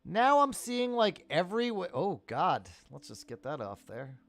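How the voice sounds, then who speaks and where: Brief: man in his thirties, tired live-stream trading host, profane and animated, slightly high voice, faint music under him. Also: measured pace, gravelly. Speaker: livestream stock trading host. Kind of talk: casual live market commentary.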